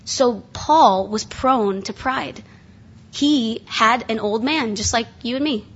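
This woman delivers a conversational sermon at a conference seminar, speaking earnestly in a casual style full of restarts. Her voice is fairly high and slightly rough, and she speaks slowly. The lo-fi recording sounds dull.

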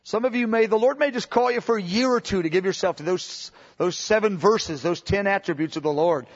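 Male preacher, high voice, impassioned teaching with restarts; muffled lo-fi sermon tape. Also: brisk. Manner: impassioned, with many restarts and acted-out quotes. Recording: dull lo-fi sermon recording.

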